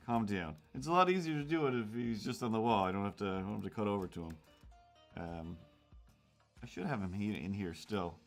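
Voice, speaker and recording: A man's voice: fairly low pitch, brisk, soft background music. A man hosting a casual drawing livestream, rambling and self-mocking as he chats with viewers. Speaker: cartoonist streamer.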